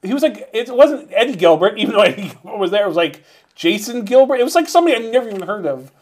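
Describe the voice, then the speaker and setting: A man co-hosting a wrestling talk podcast, chatting casually, animated and swearing often. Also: high-pitched, racing. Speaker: podcast co-host. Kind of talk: casual chat.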